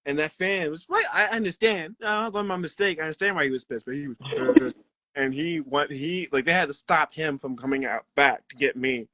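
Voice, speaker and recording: A young man, a wrestler, telling backstage stories in a rambling, animated way and laughing often. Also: fairly high pitch, brisk, dry recording. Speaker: pro wrestler guest. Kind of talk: casual interview storytelling.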